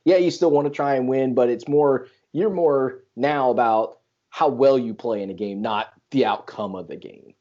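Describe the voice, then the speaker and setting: A man's voice: mid-range voice, normal speed, warm tone. A middle-aged man in a casual podcast chat, teasing his friends and laughing often. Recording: dull lo-fi sound.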